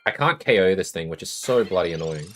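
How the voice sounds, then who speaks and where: Casting note: young Australian man, lowish voice, casual streamer patter between plays. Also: animated, fast talker, fairly bright tone, faint music behind. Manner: chatty, greets chat viewers, thinks aloud about moves. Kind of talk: casual live-stream commentary while playing a card game.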